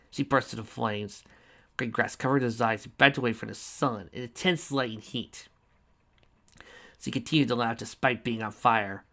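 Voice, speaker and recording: A young man reads a fan story aloud with energy and playful casual asides. His voice is very bright and sharp, at an ordinary middle pitch. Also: moderate pace. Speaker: fan fiction reader.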